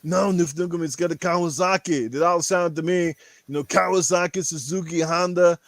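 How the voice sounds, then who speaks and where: A man's voice: high-pitched, steady tone, moderate pace, no echo. A man doing a crude, boastful action-star impression. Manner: vulgar, boastful, rambling rants. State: rough throat.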